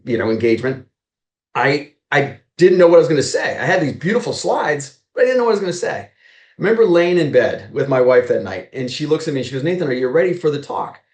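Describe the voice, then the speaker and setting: A real estate agent from Maryland tells stories as a podcast guest, acting out the dialogue he quotes. His voice is on the high side with a darkish tone, and it sounds reverberant.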